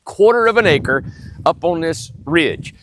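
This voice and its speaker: A man's voice: expressive, unhurried, fairly bright tone. A man with a head cold and a nasal voice, giving a casual, folksy sales tour of building lots outdoors on a windy ridge. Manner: folksy, plainspoken, pitching to viewers. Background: wind.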